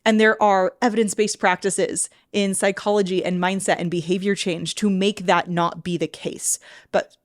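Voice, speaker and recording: A woman's voice: medium pitch, flat delivery, normal speed, no echo, clean studio sound. A woman, hosting her own podcast in a casual, heartfelt way, often laughing and swearing when she gets passionate. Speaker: podcast host and mindset coach. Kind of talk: casual solo podcast talk.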